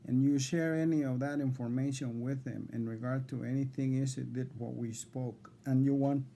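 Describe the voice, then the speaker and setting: A man reading out insistent legal demands to a court evaluator, repeating himself and halting on fillers. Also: medium pitch, steady tone, gravelly, mellow, slight background noise. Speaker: defendant addressing a court evaluator. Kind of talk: confrontational legal declaration.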